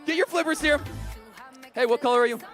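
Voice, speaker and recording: A man hosting a camp game on stage, shouting energetically to a crowd, his voice getting strained. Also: very high voice, fast talker, faint music behind. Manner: energetic, loud, calling out to a crowd. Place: large camp event hall.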